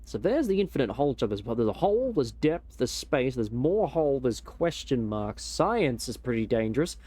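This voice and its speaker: A man's voice: medium pitch, sing-song, normal speed, mellow. A young man casually rambling and joking while he streams a game, with some swearing. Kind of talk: casual gameplay commentary.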